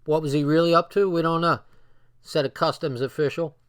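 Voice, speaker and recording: Man, slightly higher voice, casual read-aloud, loose swearing asides. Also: fairly even intonation, brisk, clean tone. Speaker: book reader and commentator.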